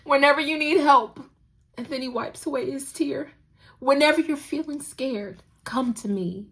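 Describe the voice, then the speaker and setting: A young woman chats through a drama recap in a lively, gushing way. Her voice sits a little high, and she laughs often as she acts out the scenes. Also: normal speed. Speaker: podcast host recapping a drama. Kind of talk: casual recap chat.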